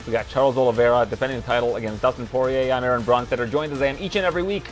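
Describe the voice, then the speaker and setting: A man hosting a sports podcast, chatting casually and quickly, laughing often. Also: medium pitch, soft background music. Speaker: podcast host.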